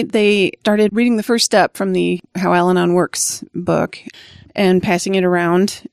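A woman's voice: mid-range voice, a little mellow, dry recording, clean studio sound. A woman sharing her first recovery meeting on a podcast, speaking reflectively with frequent small restarts. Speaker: Al-Anon member sharing her story.

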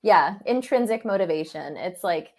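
A woman's voice: lowish voice, lively intonation, normal speed. Young woman host, chatty, lots of "like"s and laughing, casual talk. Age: young adult. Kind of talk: casual chat.

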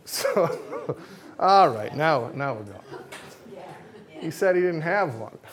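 A man's voice: a little high, sing-song, slow, a crowd in the background. Casual, self-mocking male speaker. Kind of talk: religious talk with jokes.

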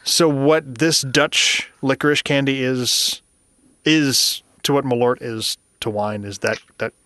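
A man's voice: mid-range voice, steady tone, takes it slowly, bright, forceful tone, no room sound. Dry-sounding man in casual chat. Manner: rambling, laughs often, stumbles and restarts. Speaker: podcast co-host.

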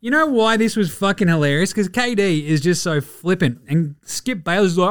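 An Australian man hosting a casual sports podcast, excitable and mocking, swearing freely as he rants. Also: sits high, moderate pace, hardly any pauses, clear, resonant tone, no room sound, studio quality. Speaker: podcast host.

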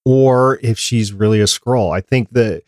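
A male podcast host in casual chat, reading listener tweets and polls out loud. He gets animated as he reacts. His mid-pitched voice is recorded close and dry. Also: measured pace, no echo.

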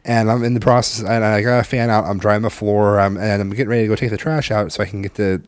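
A father telling an animated, profane story, dry close sound. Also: fairly low pitch, fast talker, dry recording. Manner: animated, profane, acts out voices in his story. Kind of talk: casual storytelling chat.

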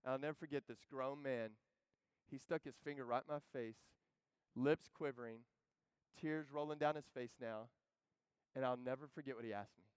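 A man preaching a sermon, swinging from loud urging to hushed storytelling. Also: mid-range voice, steady tone, normal speed, pauses often, smooth, no echo.

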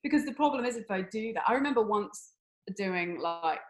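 A young woman talks casually as an interview guest. She laughs easily and fills her pauses with ums. Her voice sits at a middle pitch for a woman. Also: expressive, low-quality recording. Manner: laughing, chatty, with many fillers.

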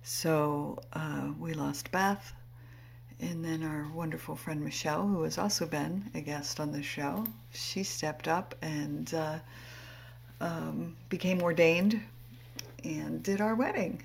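Slow, gravelly-voiced woman host. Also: low-pitched, steady tone, slight background noise. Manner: unhurried, reflective, warm laughter between phrases; many fillers and pauses. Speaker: podcast host. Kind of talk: casual spoken intro.

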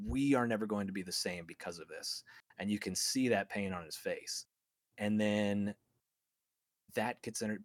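Enthusiastic low-voiced man on a podcast. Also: dry recording. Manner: enthusiastic, rambling retelling with many restarts. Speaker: podcast co-host. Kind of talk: casual film podcast monologue.

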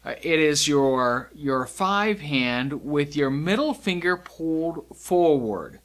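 A man's voice: on the high side, lively intonation, slow pace, a bit bright. A man teaching sign language vocabulary, explaining each sign step by step in a patient, demonstrating way. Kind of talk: instructional lesson.

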